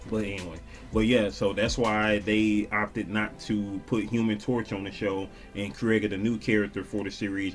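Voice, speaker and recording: A man vlogging casually, shouting out viewers and reading their comments in a slangy, laid-back way. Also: on the low side. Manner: slangy and laid-back, peppered with "you dig". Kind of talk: casual chat.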